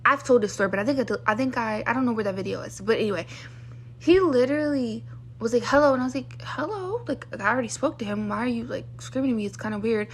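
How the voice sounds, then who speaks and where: A woman's voice: a little high, fast, slight background noise. A young woman vlogger talking in a casual storytime rant, exasperated, full of "like", acting out what other people said to her.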